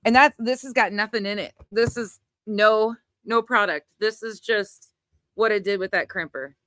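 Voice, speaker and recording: A woman's voice: medium pitch, moderate pace, fairly bright tone, no echo, studio quality. A middle-aged woman with a Southern US accent, chatting casually on a livestream and reading out viewer comments, laughing often and swearing now and then. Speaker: livestream host.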